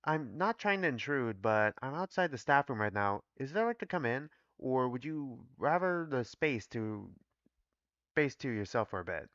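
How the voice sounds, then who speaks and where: A man reading aloud as an awkward, polite doctor offering gentle concern. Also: mid-range voice, sing-song, moderate pace, dry recording, highs cut off. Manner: hesitant, polite, soft. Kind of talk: reading a visual novel aloud.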